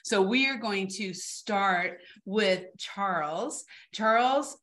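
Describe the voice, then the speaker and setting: Quick upbeat woman hosting a panel. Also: medium pitch, fairly bright tone. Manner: upbeat, quick, running the conversation. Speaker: host.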